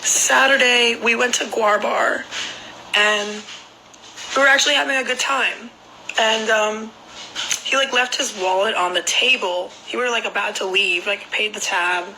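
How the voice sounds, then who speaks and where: Very bright young woman rambling. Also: fairly high pitch, measured pace, a little hiss or hum, poor audio. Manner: rambling, packed with filler "like". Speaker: storyteller. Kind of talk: casual storytelling.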